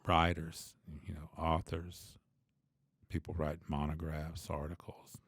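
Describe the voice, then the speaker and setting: A man who teaches bass, talking through his ideas in a loose, reflective way, with many asides and restarts. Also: level tone, takes it slowly, fairly bright tone, breathy edge, dry recording, clean studio sound. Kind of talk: conversational teaching monologue.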